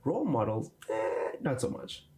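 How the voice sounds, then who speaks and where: A man co-hosting a podcast in casual chat, dry and teasing, with a steady delivery. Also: mid-range voice, moderate pace. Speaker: podcast co-host.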